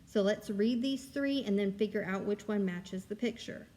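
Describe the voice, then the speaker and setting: A kindergarten teacher, a woman, talks young children through their worksheets with patient, encouraging step-by-step explanations. Her voice sits at an ordinary middle pitch. It rings with a long reverb, as if recorded in a large, echoey room. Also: moderate pace, few pauses, dark tone.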